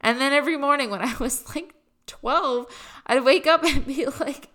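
Speaking a little fast in a high, sharp-toned voice, a young adult college student vlogs to camera. Her casual chat wanders, is full of fillers, and leans on self-deprecating jokes.

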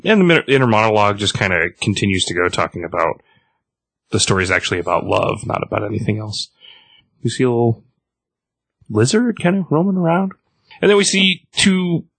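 A man's voice: lowish voice, creaky, fairly bright tone, no echo. A man hosting a podcast, recapping a comic book casually, rambling with many fillers and restarts.

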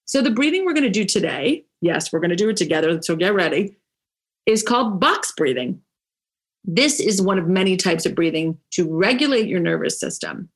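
A woman coach giving a motivational talk, emphatic and punchy, with dramatic pauses and playful asides, leading a breathing exercise. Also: fairly low pitch, big pitch swings. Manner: leads a guided breathing exercise. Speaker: women's coach.

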